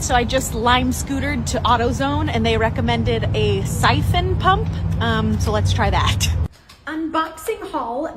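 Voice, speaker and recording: A woman narrating a casual vlog in a wry, self-mocking way. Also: a little high.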